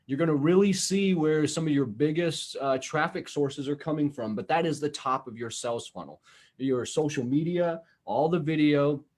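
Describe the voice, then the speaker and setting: A man's voice: a little high, moderate pace, a little mellow. A man chatting on a podcast in a loose, blunt way, full of fillers and the odd curse. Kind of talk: casual podcast chat.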